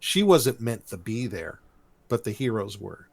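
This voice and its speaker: A man's voice: on the low side, sing-song, a little slow, gravelly, slightly rough, no echo. A man co-hosting a podcast, recapping a cartoon episode in loose, chatty storytelling with many fillers. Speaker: podcast co-host. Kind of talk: casual cartoon recap chat.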